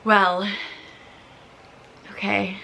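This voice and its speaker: A young woman chats casually as a book vlogger, reading reviews aloud. Her voice is bright and clear at a middle pitch, and she sounds animated and exasperated. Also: extremely slow, a little hiss or hum. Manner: animated, exasperated, giggly, lots of "like".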